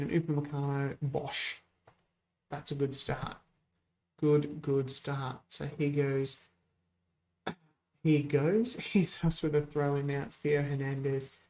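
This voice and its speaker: A man hosting a gaming channel, chatting casually through a football management game, rambling, correcting himself and getting excited over goals. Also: a little high. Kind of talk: casual let's-play commentary.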